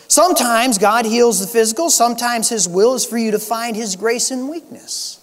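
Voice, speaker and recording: A man preaching a sermon as pastor, earnest, swinging between raised emphasis and soft, quiet points. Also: very high-pitched, moderate pace. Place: church sanctuary. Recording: long church hall reverb.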